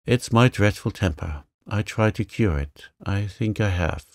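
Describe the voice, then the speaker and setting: A man voicing a remorseful, hot-tempered teenage girl who pleads tearfully, in a gentle storybook reading. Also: on the low side, measured pace, no room sound, studio quality.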